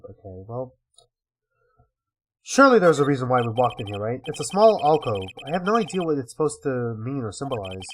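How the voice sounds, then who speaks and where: A man's voice: medium pitch, noisy background. A man casually reading game dialogue aloud with wry asides while playing. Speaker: let's-player.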